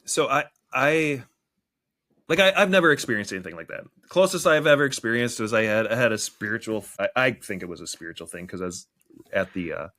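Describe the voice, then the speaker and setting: A man, a therapist guesting on a podcast, telling a story in a halting way with many restarts. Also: mid-range voice, animated, bright, forceful tone. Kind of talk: casual conversation.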